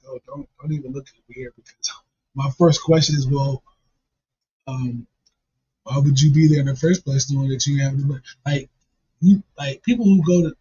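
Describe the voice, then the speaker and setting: Man, husky voice, slightly high, rambling profane banter, dull lo-fi recording. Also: a little mellow. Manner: rambling, repeats himself. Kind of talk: casual profane chat.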